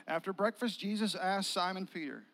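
A man's voice: high voice, normal speed, pushed and bright, low-quality recording. A male pastor preaching a sermon as casual, vivid storytelling.

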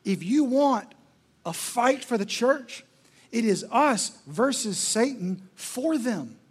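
Male pastor, high husky voice, emphatic sermon, repetitive rhetoric. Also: lively intonation, slow pace.

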